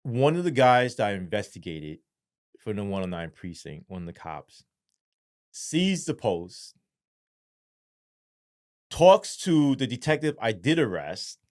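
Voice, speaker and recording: A man's voice: on the low side, measured pace, pauses often. New guy telling a story on a podcast, lots of cursing, acts out what people said. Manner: profane, animated retelling with acted-out quotes. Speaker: interview guest, former police sergeant. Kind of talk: casual storytelling.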